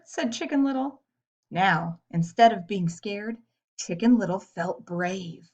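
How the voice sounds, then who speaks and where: A woman reading a story aloud to children in a gentle way, pausing to ask her young listeners questions. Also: medium pitch, animated. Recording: dull lo-fi recording.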